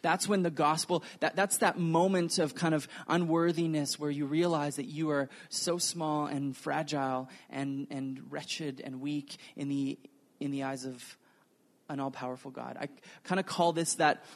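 A man preaches from a church stage, earnest and animated. His voice sits a little high for a man, and he tells stories in the flow of a sermon, acting out the quotes as he goes. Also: measured pace. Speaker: pastor.

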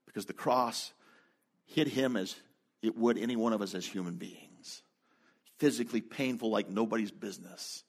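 A man preaching a sermon in a relaxed, conversational storytelling way, with quick asides. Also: fairly low pitch, gravelly. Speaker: pastor.

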